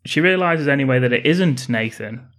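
Guy on a movie podcast, mid pitch, recaps plot, dry jokes. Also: lively intonation, moderate pace, a bit bright. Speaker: podcast co-host. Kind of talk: casual film-review chat.

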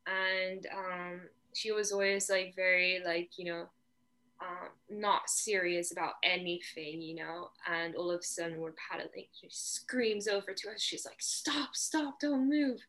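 A young woman from Portugal chatting casually as a guest, telling stories in a relaxed way with lots of fillers. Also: on the low side, measured pace. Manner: relaxed storyteller, many fillers. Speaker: guest surfer. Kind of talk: casual chat.

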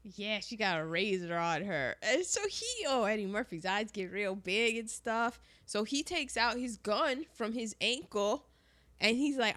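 A woman's voice: mid-range voice, a little slow, fairly bright tone. A woman in casual chat, animatedly retelling a movie scene, acting out the characters' lines and laughing often.

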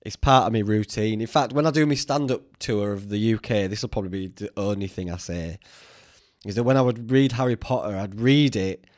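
A man's voice: on the low side, a little fast, a little mellow, no echo, clean studio sound. A man hosting a podcast, rambling along in casual chat, joking at his own expense and swearing freely. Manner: chatty, self-mocking, swears freely. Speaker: podcast host.

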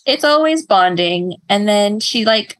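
A woman's voice: medium pitch, animated, measured pace. A woman co-hosting a podcast, chatting casually, telling stories and laughing often. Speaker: podcast co-host. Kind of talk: casual chat.

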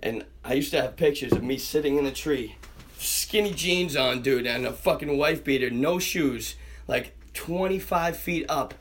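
Animated young man. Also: fairly high pitch, normal speed, slight background noise. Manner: animated, swears constantly, acts out quoted voices. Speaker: podcast guest storyteller. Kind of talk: casual storytelling chat.

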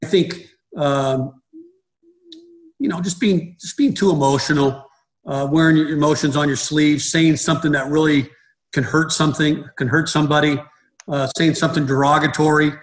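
A man's voice: on the high side, steady tone, normal speed, poor audio. Rambling middle-aged male baseball coach. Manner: rambling, repeats words and restarts often. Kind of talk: conversational interview.

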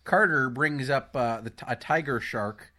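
A man's voice: medium pitch, measured pace, sharp tone. A man co-hosting a casual movie recap podcast, making wry, sarcastic asides. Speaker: podcast co-host.

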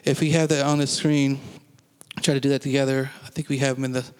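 Earnest preaching man, smooth voice. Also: medium pitch, level tone. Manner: leads slow call-and-response confessions. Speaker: pastor. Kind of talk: sermon.

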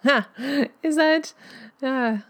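A woman's voice: high-pitched, extremely slow. Musing woman in a reflective solo talk. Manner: musing, conversational, with self-corrections and light laughs.

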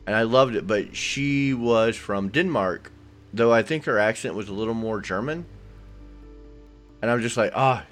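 A man with a fairly low voice hosts a casual podcast chat. He rambles enthusiastically, piling up fillers and restarts as he talks. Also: moderate pace, soft background music. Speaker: podcast host.

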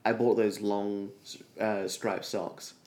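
A man's voice: fairly low pitch, slow. Rambling, swearing young man. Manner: rambling, swearing, animated storytelling. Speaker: podcast co-host. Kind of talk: casual comedic banter.

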